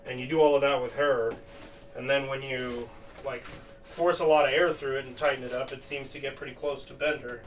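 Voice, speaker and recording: Fairly quick and steady in a mid-range voice, a man chats on a live stream while he crafts, rambling loosely and leaning on plenty of filler words. The mic sits at a distance and catches faint background noise.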